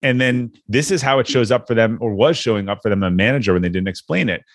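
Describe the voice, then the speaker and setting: A man's voice: lowish voice, quick pace, dry recording, clean studio sound. A man hosting a podcast, casually explaining workplace ideas with examples. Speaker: podcast host. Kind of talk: casual chat.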